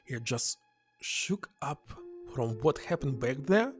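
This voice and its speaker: A man streaming a game, reading its text aloud and thinking out loud in hesitant English, which is not his first language. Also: mid-range voice, expressive, takes it slowly, faint music behind.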